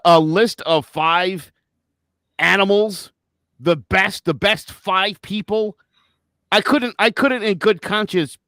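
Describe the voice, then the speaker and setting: A man co-hosting a sports podcast, explaining his picks in halting casual talk with many restarts. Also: high voice, pushed and bright, dry recording, clean studio sound. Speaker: podcast co-host.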